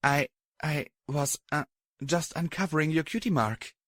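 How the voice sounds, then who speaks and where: Guy doing a soft timid pegasus mare, quiet and careful, dry close sound. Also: a little high, expressive, moderate pace, dry recording, voice pushed up. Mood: gentle.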